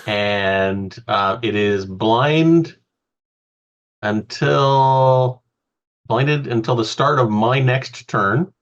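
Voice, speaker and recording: A man's voice: mid-range voice, very slow. Hesitant male player on a dull mic. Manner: hesitant, thinking aloud with fillers. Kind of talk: tabletop game chat.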